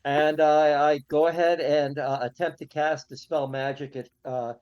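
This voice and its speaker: Halting man player, dull, dry sound. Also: on the high side, flat delivery, clear, resonant tone, dry recording. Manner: describes actions step by step, halting, many restarts. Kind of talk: casual tabletop play.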